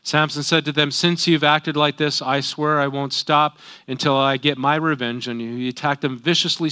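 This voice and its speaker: His fairly high voice is pushed and bright, with a clear, resonant tone. This middle-aged teacher reads from the Bible, then breaks off to add folksy, offhand comments.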